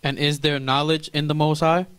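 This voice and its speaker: Brief: man, somewhat high voice, reads King James verses aloud, steady. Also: moderate pace. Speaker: scripture reader. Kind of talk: reading Bible verses aloud.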